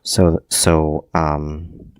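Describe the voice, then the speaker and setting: A deep-voiced man works slowly through a livestreamed math lesson, often pausing with ums and correcting himself. The sound is dry and close. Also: little pitch movement, clear, resonant tone, no room sound. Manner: hesitant, many ums and self-corrections. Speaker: math teacher.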